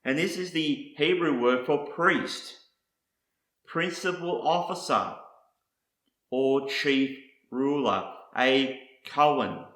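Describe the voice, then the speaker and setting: A man teaches in a slow, measured delivery, laying out each word meaning one by one. His voice is bright and forward. The room around him gives back a clear echo. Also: mid-range voice. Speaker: Bible teacher.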